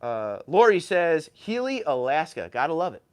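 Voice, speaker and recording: Big pitch swings mark this man's fairly high voice, delivered at normal speed. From New York and in his thirties, he hosts a casual livestream, chattily reading chat messages aloud and replying, a little tired and now and then tripping over words.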